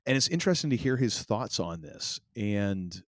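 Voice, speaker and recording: A low-pitched man from Maine, USA, co-hosts a podcast and chats casually in a loose, easygoing way, rambling and circling back with fillers and restarts. He's very animated and speaks at normal speed. He sits close to the mic in a dry, dead-sounding space with no room sound.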